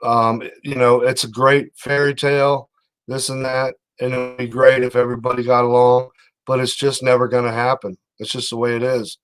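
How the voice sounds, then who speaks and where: A man's voice: medium pitch, flat delivery, moderate pace, clean tone. A man giving casual, blunt commentary on news clips, rambling with fillers.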